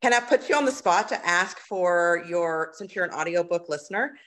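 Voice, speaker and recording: A woman's voice: lowish voice, animated, normal speed, a bit bright. A woman from Texas, a book club member asking questions in a friendly, conversational way. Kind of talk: casual video-call interview.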